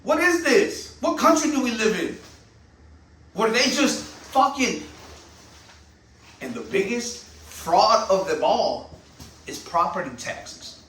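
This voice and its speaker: A man's voice: sits high, animated, slow, pauses often, a bit bright, reverberant, distant mic, a little hiss or hum, rough recording. A man, a channel host and veteran, delivering a heated, profane monologue full of rhetorical questions. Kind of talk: ranting monologue.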